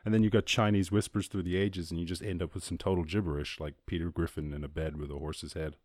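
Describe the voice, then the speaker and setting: Young Irish man, podcast host, low voice, dry close sound, rambling and swearing. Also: steady tone, fast talker, a little mellow, no echo. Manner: rambling, swears freely, acts out quotes in a higher voice. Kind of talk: casual solo podcast monologue.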